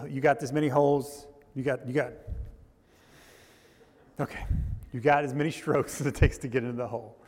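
A man preaching a sermon as pastor, telling a story in a loose, halting way with frequent restarts. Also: mid-range voice, a little mellow, long reverb tail. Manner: storytelling with restarts and rising intensity. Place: church.

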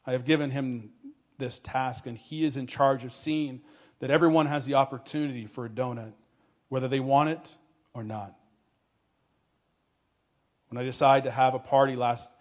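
A man voicing a solemn, gentle male college professor who talks softly and gravely, slowing down on key words. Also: mid-range voice, close to an everyday voice.

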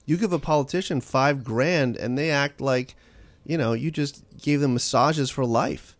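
A man being interviewed as an author on a call-in radio show, telling stories in a quick, animated way with frequent restarts. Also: mid-range voice, no echo. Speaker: author guest.

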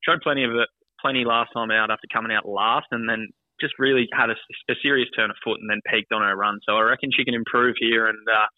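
Quick-talking man on a phone line. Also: medium pitch, fairly even intonation, no echo. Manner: quick, halting, repeats words, self-deprecating. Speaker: greyhound racing tipster co-host. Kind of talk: casual racing tips chat.

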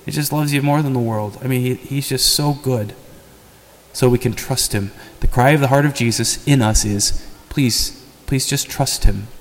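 A man's voice: medium pitch, moderate pace. A man preaching a sermon as parish priest, conversational and earnest, often pleading. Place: church. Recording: long church reverb.

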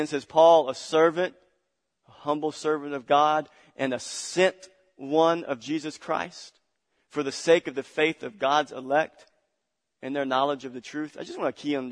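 A male pastor preaching a sermon, building with passion, repeating phrases and calling on the congregation to answer. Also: medium pitch. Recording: long hall reverb.

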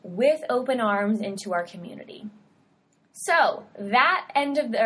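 A young woman with a fairly high voice hosts her own podcast solo. She is a dietitian and talks in an upbeat, chatty way, full of casual slang.

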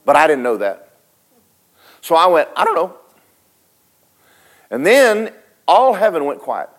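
A man preaching a sermon, telling a story dramatically, switching between loud and hushed and talking straight to the congregation. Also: fairly high pitch, big pitch swings, a little slow. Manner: folksy, speaks to the congregation directly.

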